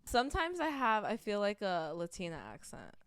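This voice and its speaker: A woman from New York co-hosting a casual podcast chat, teasing and quick to laugh. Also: mid-range voice, sing-song, clear, resonant tone, dry recording, studio quality. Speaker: podcast co-host.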